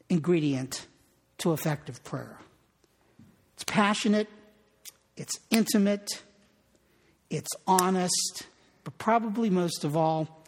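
A man preaching a sermon in an earnest way, repeating phrases for emphasis. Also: on the high side. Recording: long reverb of a large hall.

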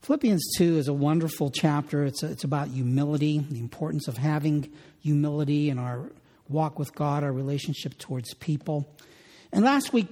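A man's voice: on the high side, warm tone. Male pastor preaching in a reverberant hall. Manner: deliberate, slows on scripture, repeats words. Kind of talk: sermon.

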